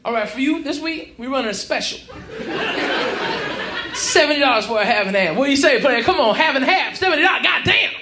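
Man doing a streetwise pimp making a pitch. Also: animated, brisk, background noise. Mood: smooth-talking. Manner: wheedling sales pitch, streetwise slang. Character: smooth-talking male pimp selling door to door. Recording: echoey club with crowd laughter.

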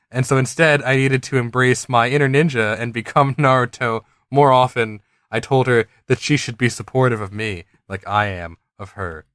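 A man co-hosts a casual podcast, reading a listener's submitted story aloud in quotes and stepping away for laughs and chatty side comments. He talks fairly quickly in a medium-pitched, slightly bright voice, recorded at studio quality with no echo.

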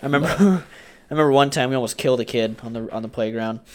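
A man's voice: medium pitch, rapid-fire, noisy background. A man in casual chat, telling crude childhood stories with a loose, joking manner. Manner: crude storytelling, acts out voices and screams.

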